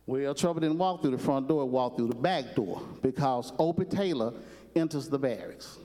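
Storytelling preacher in a reverberant hall. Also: male voice, medium pitch, normal speed, warm tone. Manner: storytelling, repetitive, conversational. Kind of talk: sermon.

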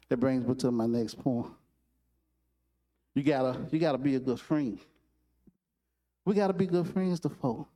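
A man preaching a sermon, retelling a story with lively restarts and repetitions. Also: on the high side. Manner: animated storytelling with repeated restarts.

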